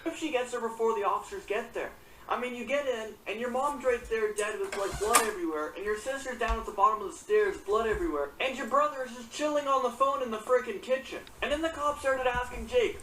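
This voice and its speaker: A woman's voice: fairly high pitch, brisk, fairly bright tone, slight background noise. A woman retelling a crime story in casual vlog commentary, indignant and blunt, swearing often. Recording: echoey room, far from the mic.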